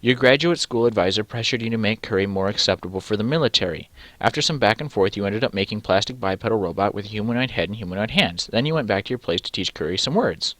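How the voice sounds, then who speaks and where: A man's voice: on the low side, lively intonation, quick pace, hardly any pauses, a bit bright, no room sound. A young man reading a choose-your-own-adventure game aloud and rambling through his choices, cutting himself off mid-sentence and swearing casually. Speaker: let's-play host.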